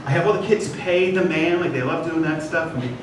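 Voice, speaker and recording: A man's voice: fairly high pitch, a little fast. A middle-aged man telling a personal comic story to a live audience, rambling into self-deprecating asides. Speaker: comedian. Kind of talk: stand-up storytelling monologue. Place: class stage before a live audience. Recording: roomy, distant mic, noisy ambience.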